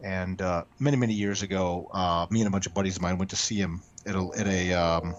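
A man's voice: sits low, fairly even intonation, a little fast, noisy background. A man, a comic book writer, telling stories in a casual interview, talking animatedly with frequent restarts and stammered repeats. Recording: dull lo-fi audio.

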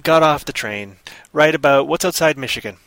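Playful, bright-voiced male livestream storyteller. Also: fairly high pitch, fairly quick, clean tone, no echo. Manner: playful, rambling, reads chat aloud. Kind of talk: casual improvised storytelling.

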